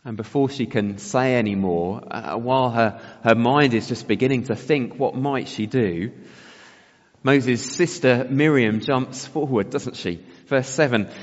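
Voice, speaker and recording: A man's voice: mid-range voice, measured pace. A man preaching a sermon, reflective and often asking his listeners rhetorical questions. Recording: long hall reverb, dull sound.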